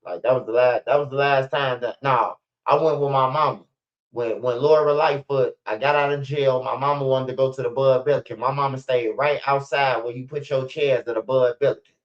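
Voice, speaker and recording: A middle-aged man with a Chicago accent rambles through street stories, loose and profane. His pitch sits in an ordinary middle range. The recording is slightly muffled and lo-fi. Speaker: storyteller. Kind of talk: casual storytelling monologue.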